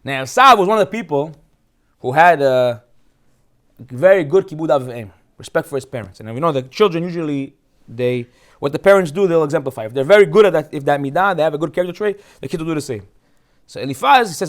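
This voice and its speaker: Fast, animated rabbi telling a Torah story. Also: male voice, on the high side. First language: Hebrew. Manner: animated storyteller, jokes, laughs often. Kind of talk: casual humorous Torah talk.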